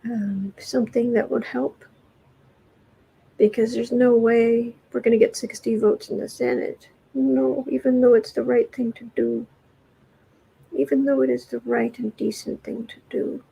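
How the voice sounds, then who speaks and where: A woman's voice: on the high side, flat delivery, a little slow, vocal fry, warm tone, husky, low-quality recording. A woman reading political tarot cards on a livestream, talking in a rambling, hesitant way, with frequent ums and restarts, and addressing viewers directly. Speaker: tarot reader.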